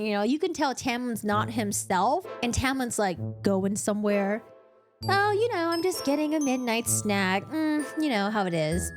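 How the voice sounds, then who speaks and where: Animated young woman recapping a book. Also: fairly high pitch. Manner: animated, chatty storytelling with asides. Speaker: book vlogger.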